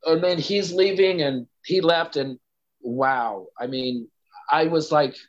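Rambling man, slightly high voice. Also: slow, muffled recording. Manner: rambling, full of "you know" and "like". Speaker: interview guest. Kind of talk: candid personal storytelling.

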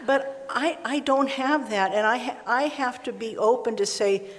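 A woman's voice: medium pitch, steady tone, moderate pace. A middle-aged woman giving a conversational sermon to a women's gathering, telling stories with frequent laughs and acted-out dialogue. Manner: chatty storytelling, laughs often, acts out dialogue. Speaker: speaker at a women's church gathering. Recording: long reverb of a hall.

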